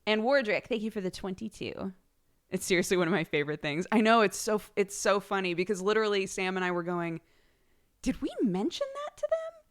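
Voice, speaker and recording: A woman's voice: mid-range voice, fast talker. A woman live streamer chatting casually, laughing often and reading out thank-yous to her subscribers.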